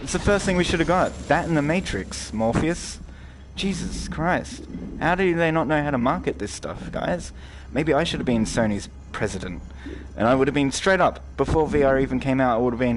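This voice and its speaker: A young man giving live gameplay commentary to his chat, rambling, swearing freely and jumping into loud outbursts. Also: medium pitch, fairly quick, few pauses. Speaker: streamer.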